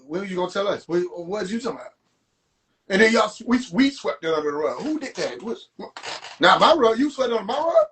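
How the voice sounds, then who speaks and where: A man with a high-pitched voice rants on a phone livestream, talking to his viewers. His voice swoops up and down a lot as he mocks and curses. It is loose, profane and animated. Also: brisk. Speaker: livestream host. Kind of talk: rant to a live audience.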